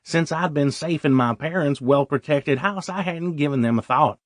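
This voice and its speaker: Male audiobook narrator, wry and self-deprecating, somewhat high voice, dry close recording. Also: normal speed, no echo. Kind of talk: first-person audiobook narration.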